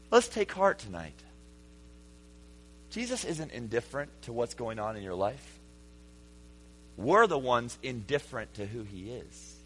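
A man pastor preaching a sermon, swinging between hushed, quiet passages and loud, shouted peaks. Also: fairly high pitch.

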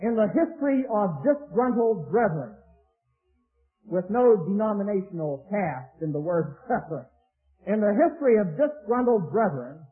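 A man preaching a sermon in a measured, anecdotal way, slowing down to stress key phrases. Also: sits high. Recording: tinny phone-like archival recording.

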